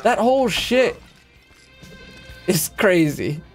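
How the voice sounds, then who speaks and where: A man's voice: sits high, animated, drawn-out words, faint music behind. A young man streaming a game, ranting casually and heatedly with lots of swearing, rambling from thought to thought. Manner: profane, rambling, heated and emphatic. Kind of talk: casual rant while playing a game.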